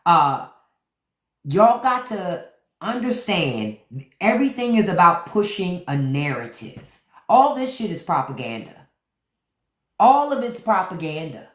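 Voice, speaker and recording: A woman's voice: lowish voice, sing-song, measured pace, long pauses, reverberant. A woman hosting a livestream, giving blunt, profane commentary straight to her viewers and repeating key words for emphasis. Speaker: podcast host on a livestream.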